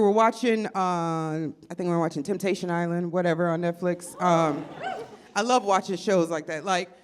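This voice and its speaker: A woman doing stand-up comedy, loud and profane, laughing at her own jokes. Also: mid-range voice. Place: live comedy show before an audience.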